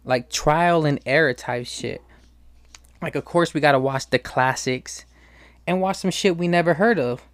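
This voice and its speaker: Profane, ranting young man, slightly high. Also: unhurried, no echo. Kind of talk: casual monologue.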